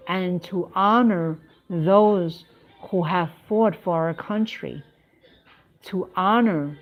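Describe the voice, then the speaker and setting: A woman hosting her own live stream, talking casually and haltingly, with many restarts and fillers. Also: lowish voice. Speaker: livestream host. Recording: dull lo-fi sound.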